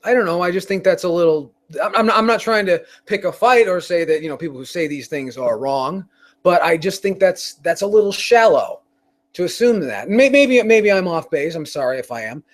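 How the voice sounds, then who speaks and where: Brief: male show host, higher-pitched voice, loose profane rambling rant delivery. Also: expressive, normal speed. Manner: profane, rambling, with frequent restarts. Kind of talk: casual rant on a live stream.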